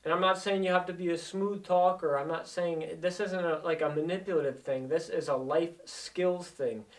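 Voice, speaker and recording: A man's voice: fairly high pitch, fairly even intonation, normal speed, distant mic. A man speaking as a life coach in an earnest, motivational talk, repeating himself to drive each point home.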